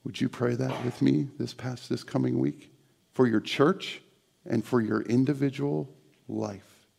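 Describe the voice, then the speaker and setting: A middle-aged male pastor preaching a sermon in a church, climbing to animated emphasis and sinking to a soft, prayerful hush. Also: medium pitch, unhurried, vocal fry. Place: church sanctuary.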